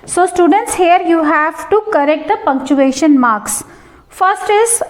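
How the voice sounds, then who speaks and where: A woman's voice: very high voice, measured pace, roomy sound. A woman teacher, explaining a textbook lesson to students step by step and often addressing them directly.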